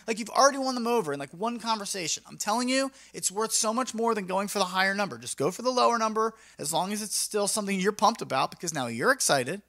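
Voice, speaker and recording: A man's voice: high voice, animated, fast, hardly any pauses, pushed and bright. A young man, a mobile DJ, talking casually and energetically in a vlog, acting out his talks with clients in a slangy, upbeat way. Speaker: mobile DJ and vlogger.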